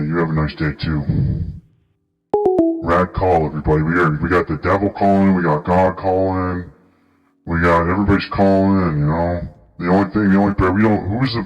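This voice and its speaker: Low-voiced man, goofy mock judge host, rambling, lo-fi mic with music bed. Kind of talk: improvised comedy stream.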